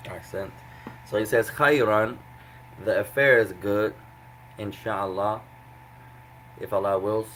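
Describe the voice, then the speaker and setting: A man leads an Arabic class with a bright, forward voice, patiently repeating each translation and walking through the grammar step by step. A faint hiss sits under his speech. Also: lowish voice, steady tone, unhurried, pauses often, low-quality recording. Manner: breaks grammar into small steps. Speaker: Arabic teacher. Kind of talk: classroom lesson.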